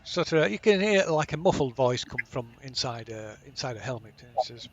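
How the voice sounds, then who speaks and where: A man's voice: medium pitch, animated, fairly quick, few pauses. A man running a tabletop game, hesitating with many ums. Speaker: game master.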